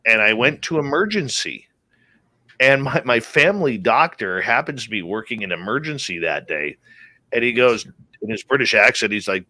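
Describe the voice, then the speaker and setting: Forceful, dry-voiced male radio host. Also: mid-range voice, moderate pace, no room sound. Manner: animated storyteller who acts out quoted speech. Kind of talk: casual interview talk.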